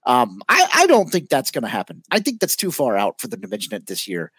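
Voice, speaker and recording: A man hosting a casual podcast chat, reading out news items in a lively way. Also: medium pitch, fairly quick, breathy edge, no echo.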